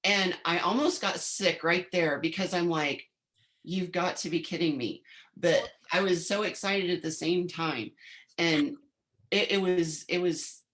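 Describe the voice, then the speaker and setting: A woman's voice: fairly low pitch, unhurried, fairly bright tone. A woman in her fifties, a guest on an interview podcast, telling a long story in a chatty way and often replaying what she said back then. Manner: chatty, replays her own past lines in quotes. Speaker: interview guest, former bodybuilder.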